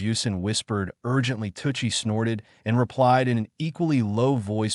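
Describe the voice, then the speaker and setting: Low-voiced man narrating a fan story. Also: moderate pace, few pauses, no echo, studio quality. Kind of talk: scripted fan fiction narration.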